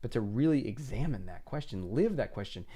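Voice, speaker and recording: A man's voice: mid-range voice, animated, fairly quick, warm tone, slightly rough. A man hosting a self-help podcast, coaching the listener directly in an earnest way and acting out inner voices. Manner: acts out inner voices in quotes. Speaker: podcast host and confidence coach.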